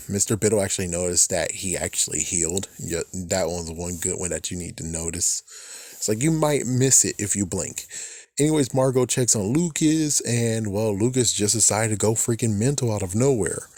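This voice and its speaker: A man's voice: darkish tone, no room sound, studio quality. A man giving a casual, ranting recap of a TV episode, often swearing and mocking the characters in a raised voice. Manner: mimics characters' lines in a higher voice. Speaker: fan reviewer.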